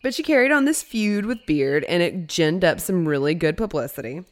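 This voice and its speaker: A woman co-hosting a podcast, telling a story in casual chat, animated and laughing often with playful asides. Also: fairly low pitch, normal speed. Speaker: podcast co-host.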